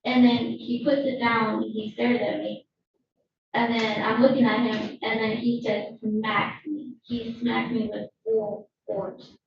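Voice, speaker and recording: A woman giving shaken, halting testimony as a witness in a courtroom. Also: on the high side, level tone, background noise. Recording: echoey, distant, dull courtroom audio.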